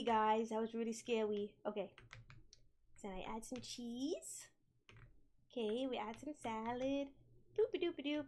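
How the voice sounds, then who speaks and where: Jumpy young woman gaming streamer. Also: a little high. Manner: jumpy, screams loudly at scares then chatters and apologizes. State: sick. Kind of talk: casual horror game commentary.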